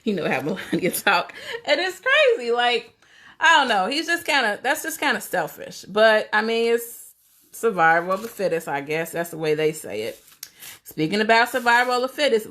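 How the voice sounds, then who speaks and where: This livestream host, a woman with a bright, pushed mid-range voice, welcomes viewers as she talks. She's opinionated and keeps asking rhetorical questions in a casual setting.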